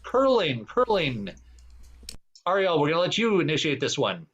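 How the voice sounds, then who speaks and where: Guy hosting an online improv game, kinda rambly, high voice, dull lo-fi sound. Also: sing-song, quick pace, a bit bright. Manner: rambling, many fillers. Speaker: improv show host.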